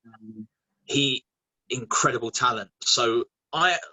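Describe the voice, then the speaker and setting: A man, a guest actor chatting casually in an interview, animated and quick to laugh. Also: mid-range voice, low-quality recording. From England. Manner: animated, laughing, many restarts.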